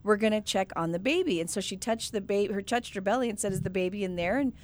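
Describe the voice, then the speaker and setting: A middle-aged woman co-hosting a radio show, reading listener posts and telling stories in an animated way with frequent laughter. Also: medium pitch, fast. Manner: animated storyteller, laughs often.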